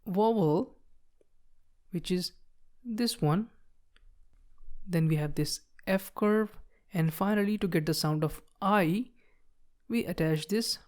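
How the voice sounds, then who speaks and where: Lowish woman teaching shorthand step by step. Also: a little mellow. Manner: patient, explains while writing, frequent "okay, so see". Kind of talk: step-by-step tutorial.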